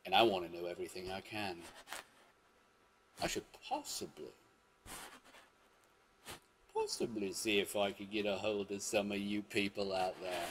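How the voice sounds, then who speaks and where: A man's voice: fairly low pitch, flat delivery, a little fast, few pauses, background noise. A man hosting his own video show, telling stories in a rambling, self-correcting way with sudden exclamations. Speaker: vlog host. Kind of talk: casual storytelling monologue.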